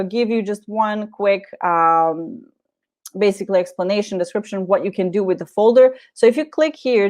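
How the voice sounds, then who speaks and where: A woman hosting a live software tutorial webinar, talking viewers through each click in a friendly way with many fillers. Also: mid-range voice. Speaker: webinar presenter.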